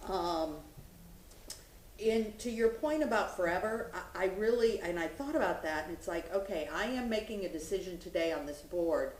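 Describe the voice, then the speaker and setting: A woman's voice: on the low side, animated, normal speed, a little mellow, reverberant, low-quality recording. A woman on a city board laying out her questions firmly and holding off interruptions. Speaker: board member. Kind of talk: public meeting remarks. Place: city meeting room.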